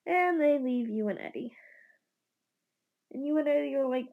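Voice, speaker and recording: A woman's voice: high voice, lively intonation, normal speed, gravelly, pauses often. A young woman casually improvising a fan story, rambling and stumbling with many fillers and some whispered asides. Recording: dull lo-fi recording.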